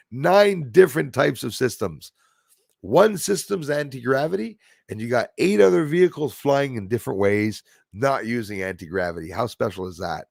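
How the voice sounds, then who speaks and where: A man's voice: mid-range voice, gravelly, no room sound, studio quality. A man hosting a casual live stream, talking in a loose, rambling way with many fillers and restarts. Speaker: host.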